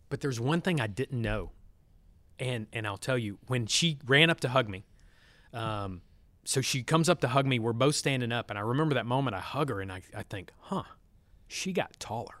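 Brief male guest, lively storyteller, acts out dialogue, dry close studio mic. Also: medium pitch, no echo. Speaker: podcast guest, former fighter pilot. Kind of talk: storytelling interview.

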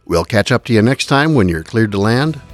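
A man hosting a podcast, thanking guests and signing off in a friendly, relaxed way. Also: fairly low pitch, brisk, no echo, clean studio sound, faint music behind. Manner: friendly, relaxed host with frequent "uh" fillers. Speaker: podcast host. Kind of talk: podcast wrap-up and sign-off.

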